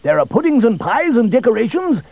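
A man voicing a kindly, fussing storybook king for a children's story, speaking slowly and gently. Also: very high-pitched, big pitch swings, creaky, no echo, pitched above the performer's own voice, heavily acted. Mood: gentle.

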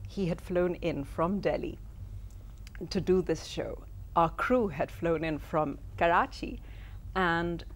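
A woman from Pakistan, a writer and cooking-show host, telling anecdotes as an interview guest and acting out quoted lines. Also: lowish voice. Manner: lively storyteller, acts out quotes.

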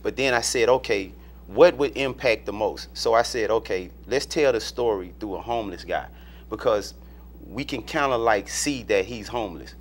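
A man's voice: on the low side, normal speed, slight background noise. A man from Alabama, a director telling stories in a casual interview, full of fillers and restarts. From Alabama, US South. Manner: rambling storyteller, many fillers and restarts. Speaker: film director and producer, guest.

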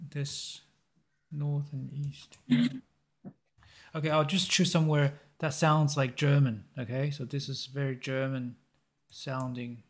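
A man hosting a map-guessing game video, thinking aloud in a halting, musing way with short chuckles. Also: medium pitch, fairly bright tone.

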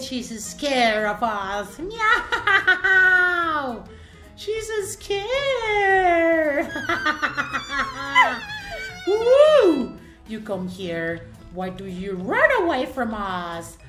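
A woman's voice: sits high, heavily acted. A woman voicing a gleeful, hungry cat monster in a playful game role-play, giggling, meowing and taunting. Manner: giggly, meows between lines, taunting. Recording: echoey room with loud game music.

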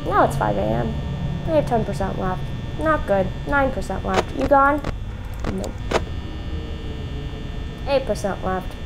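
A woman's voice: a little high, animated, unhurried, vocal fry, pauses often, noisy background. A young woman playing a horror game at home, talking back to its characters and swearing in frustration. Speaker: gaming YouTuber. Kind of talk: let's play commentary. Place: home room with a cat nearby. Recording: music playing under the voice.

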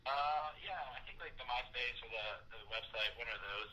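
A man's voice: mid-range voice, moderate pace, sharp tone, slight background noise, low-quality recording. A young man, a touring musician, joking crudely and playfully as a guest on a live webcast. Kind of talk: casual crude banter.

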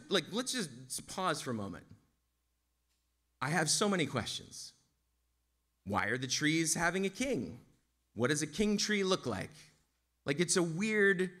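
A man's voice: fairly high pitch, very animated, normal speed, fairly bright tone. A male pastor preaching a sermon in a casual, conversational way, often checking in with his listeners. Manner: casual, conversational, with frequent "like" and "right?".

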